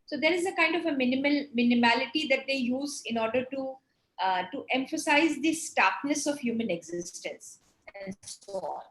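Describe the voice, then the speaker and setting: A woman's voice: high voice, lively intonation, normal speed, fairly bright tone, reverberant, poor audio. A woman lecturer explaining drama in an online class, with many fillers and restarts.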